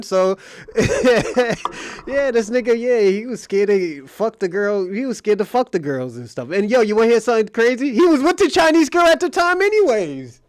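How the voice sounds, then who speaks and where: A man's voice: very high voice, lively intonation, normal speed, dry recording, clean studio sound. A man hosting a live stream, telling crude stories in casual talk and laughing often.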